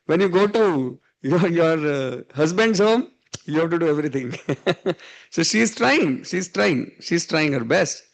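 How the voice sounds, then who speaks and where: A man's voice: on the high side, lively intonation, a little slow, creaky. A man with an Indian English accent telling a story during a spiritual class, chuckling often and mixing in Hindi words. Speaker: spiritual teacher. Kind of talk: storytelling sermon. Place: evening class.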